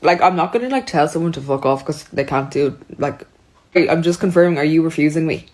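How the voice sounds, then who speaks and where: Speaking briskly in a low, darkish voice, a young woman tells an exasperated, chatty storytime. She acts out each side of every conversation in this monologue.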